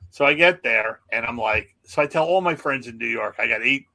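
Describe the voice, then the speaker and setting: A man's voice: medium pitch, a little fast, gravelly. A man, a comedian, telling a backstage story in casual chat, acting out the voices of the people in it. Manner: animated, acts out quoted voices.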